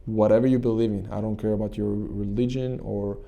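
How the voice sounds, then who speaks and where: Male coach, dark mellow voice, gravelly, earnest guided-meditation talk. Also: lowish voice, fairly even intonation. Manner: earnest, repetitive, halting restarts. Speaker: channel host and coach.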